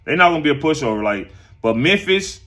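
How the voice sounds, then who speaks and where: A man's voice: a little high, expressive, quick pace, fairly bright tone. A man hosting a casual sports talk stream, chatting loosely with viewers, rambling and repeating his phrases.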